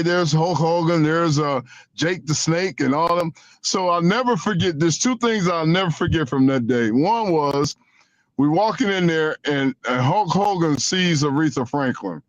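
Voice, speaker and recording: A man in his sixties co-hosting a radio show, telling a long story in an animated way and stumbling over and repeating his words. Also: on the high side, moderate pace, no room sound. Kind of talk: casual sports radio storytelling. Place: radio studio. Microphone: studio microphone.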